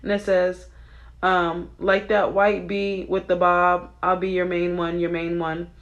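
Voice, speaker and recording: A young woman giving casual spiritual commentary on song lyrics, chatty and excitable, often checking in with her listeners. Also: fairly low pitch, measured pace, muffled recording. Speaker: Christian video creator.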